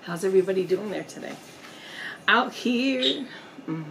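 Slow-talking woman chatting while she eats. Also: mid-range voice, expressive, gravelly, a bit bright, slight background noise, low-quality recording. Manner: slow, chatty, pauses to eat and savor. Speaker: mukbang vlogger. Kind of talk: casual eating vlog chat. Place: indoors at home, storm outside.

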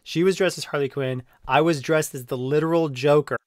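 A man's voice: fairly high pitch, fairly even intonation, a little fast, darkish tone, no echo, studio quality. A man in a casual monologue, rambling and defensive, with lots of fillers and self-justification. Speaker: online video creator being reviewed.

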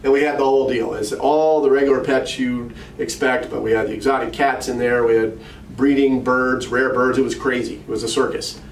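A middle-aged man talks through a coaching session in a relaxed, storytelling way, often turning questions back on his listeners. His voice sits at an ordinary pitch for a man and sounds a little set back from the microphone. The room adds a noticeable echo, with a faint hum of ambience underneath. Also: fairly quick. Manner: conversational storyteller, addresses listeners directly with questions. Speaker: practice management coach. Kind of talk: coaching talk to financial advisors. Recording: roomy, distant mic, faint ambient noise.

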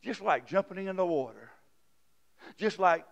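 A man preaching a sermon in a church. He swings from loud, fervent shouting to quiet storytelling. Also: on the high side, expressive, fairly quick. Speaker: pastor. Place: church sanctuary.

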